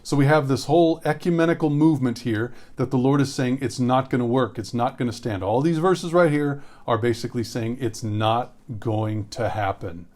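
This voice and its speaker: A man of middle pitch teaches scripture verse by verse in a relaxed, conversational way. He reads the verses slowly and circles back over key phrases for emphasis. He speaks as a pastor guiding listeners through the text.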